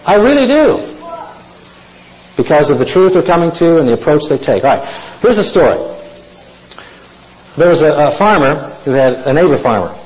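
High-voiced man preaching a folksy sermon. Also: big pitch swings, normal speed, long pauses, a little mellow, lo-fi sound. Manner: folksy storytelling, asks the congregation questions.

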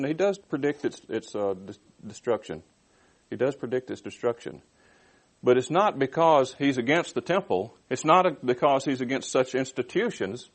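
A man works through a Bible passage, reading scripture aloud and explaining it conversationally, sometimes restarting or adding asides. His mid-range voice has lively intonation and a moderate pace.

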